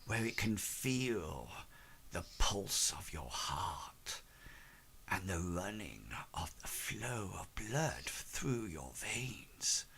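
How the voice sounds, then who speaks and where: A man voicing an old, secretive lore master in a low, slow, hushed whisper that sounds cold and knowing. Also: very animated, gravelly, a little hiss or hum, full character voice.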